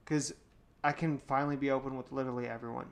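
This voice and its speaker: A man's voice: mid-range voice, fairly even intonation, fast talker, vocal fry. A young man talking candidly in a casual podcast chat, rambling with lots of fillers. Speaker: podcast guest.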